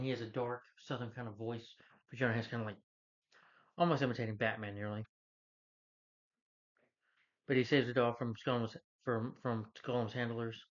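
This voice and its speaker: Man rambling through a movie recap. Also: mid-range voice. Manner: rambling, loose retelling full of "he's like". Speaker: movie reviewer. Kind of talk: casual movie recap rant. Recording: dull lo-fi recording.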